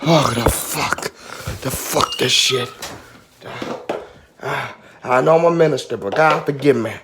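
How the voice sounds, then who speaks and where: Out of breath in a casual vlog, a man groans, swears and lets out high whoops as spicy food burns his mouth, though his pace stays measured. Heavy background noise fills the recording.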